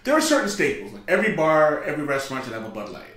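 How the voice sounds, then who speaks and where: A man hosting a casual podcast, telling stories in an animated way and acting out what people said. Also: a little high, rapid-fire. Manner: animated storyteller, acts out dialogue, swears freely. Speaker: podcast host. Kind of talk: casual storytelling chat. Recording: very echoey room, a bit off mic.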